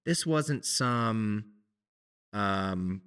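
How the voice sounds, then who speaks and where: A man co-hosting a podcast, talking in a casual, animated way with many restarts. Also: lowish voice, drawn-out words, clean tone. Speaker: podcast co-host, musician. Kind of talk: casual conversation.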